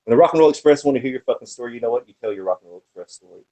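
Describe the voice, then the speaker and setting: A man in a casual podcast chat who rambles through stories with plenty of swearing. His voice sits at an ordinary middle pitch, and his telling is lively and unfiltered. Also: racing, low-quality recording. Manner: profane, animated, rambling anecdotes. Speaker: podcast guest, wrestling manager.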